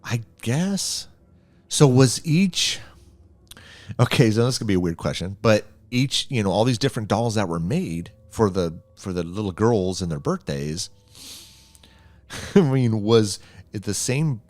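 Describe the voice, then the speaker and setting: A man's voice: on the low side, sing-song, measured pace, darkish tone. A man co-hosting a film review podcast in casual chat, musing aloud and asking questions as he restarts his thoughts. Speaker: podcast co-host.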